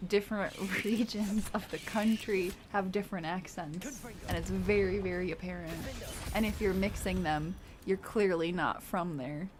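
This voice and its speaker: A woman's voice: on the low side, noisy background. A woman with a Southern US accent chatting casually on a livestream, laughing often. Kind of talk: casual chat.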